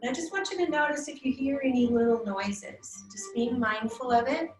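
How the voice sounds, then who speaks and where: Soothing woman guiding chair yoga. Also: sits high. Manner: slow, soothing breath cues. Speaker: yoga instructor. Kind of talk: guided chair yoga class. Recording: echoey room with soft music.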